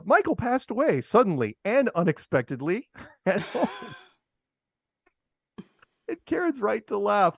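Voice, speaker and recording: A man's voice: sits high, no echo, studio quality. A man co-hosting a talk show, reading news items aloud and mocking them with sarcastic asides. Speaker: podcast co-host. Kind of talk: casual commentary on news clips.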